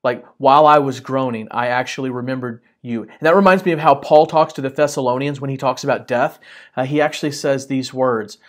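A male pastor teaching a church Bible study in an earnest, gentle way, with many halting pauses. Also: medium pitch.

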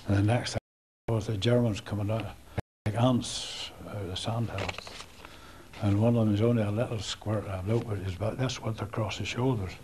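A Northern Irish man in his eighties, a war veteran recalling events in a halting oral history interview with restarts and soft chuckles. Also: on the low side, steady tone, noisy background. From Northern Ireland. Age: 80s.

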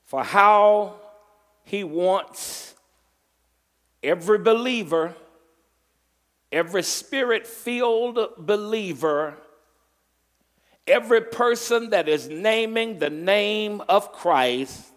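A male pastor delivers a sermon at an unhurried pace, leaning hard on key words and drawing them out. His voice sits a little high for a man, and a long reverb from the church sanctuary trails behind it. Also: lively intonation. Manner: emphatic preaching, drawn-out stressed words, call and response. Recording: long reverb from a large hall.

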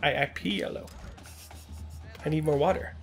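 A man's voice: on the high side, fairly even intonation, normal speed, vocal fry, faint music behind. A young man joining in goofy, crude banter during a video game session. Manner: goofy, crude, laughs often. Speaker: let's play co-commentator. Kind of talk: casual gaming banter.

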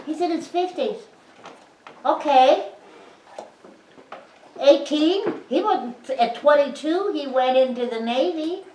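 A woman's voice: high voice, expressive, takes it slowly, long pauses, dark tone, a little hiss or hum. An older woman in her seventies joining a church Bible study discussion, chiming in conversationally. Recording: echoey room from far off.

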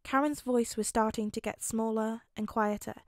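A woman narrates a fan fiction audiobook in a clear, steady storytelling voice. Her pitch sits a little high, and the recording is dry and close. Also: normal speed, no echo. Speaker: podfic reader.

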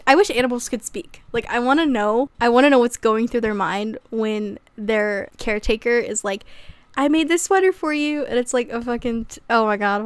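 A woman's voice: on the high side, clean tone, no echo. A young woman vlogging casually to camera about crochet patterns, chatty and prone to fits of laughter. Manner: giggly, bursts into laughter, says okay often.

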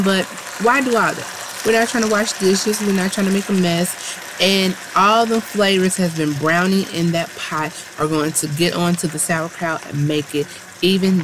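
A woman's voice: lowish voice, background noise. A woman hosting a home cooking video, chatty and encouraging as she talks viewers through each step in her kitchen. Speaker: cooking channel host. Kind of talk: casual cooking demonstration. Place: home kitchen, food frying in pan.

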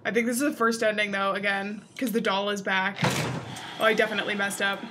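A woman's voice: mid-range voice, fairly even intonation, fast talker, background noise. A young woman giving casual let's play commentary, chatty and playful, talking to her viewers and easily startled. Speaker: gaming youtuber.

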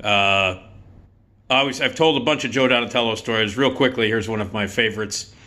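A man's voice: lowish voice, a little fast, pushed and bright. A man in his fifties hosting a casual storytelling vlog, rambling and profane with plenty of filler words. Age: 50s. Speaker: YouTube host.

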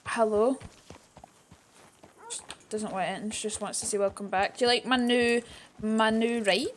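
A woman's voice: a little high, level tone, a little hiss or hum. A young Scottish woman from Fife chatting playfully with her viewers while streaming a game. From Scotland. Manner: playful, chatty, quick asides to chat. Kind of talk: casual gameplay chat.

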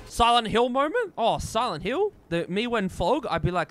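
A young man streaming a game, joking, swearing and shouting excitedly as he plays. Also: very high voice, moderate pace, few pauses, soft background music. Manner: loud, excitable, swears a lot, jokey. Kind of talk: gaming commentary.

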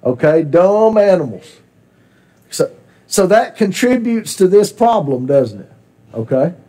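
A man's voice: high voice, big pitch swings, unhurried, dark tone. A man teaching a Bible class in a church classroom, asking questions and repeating his students' answers.

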